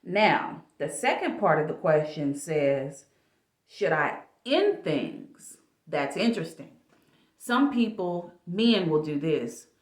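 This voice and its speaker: Niski, gadatliwy kobiecy głos w pogłosie. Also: female voice, sits low, slow pace. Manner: chatty, casual, animated. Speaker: life coach. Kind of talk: advice vlog. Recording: echoey room.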